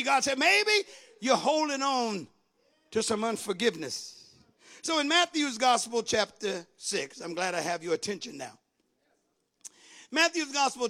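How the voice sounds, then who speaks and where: A man preaching a sermon, swinging from loud shouted lines down to quick low muttering. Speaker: pastor.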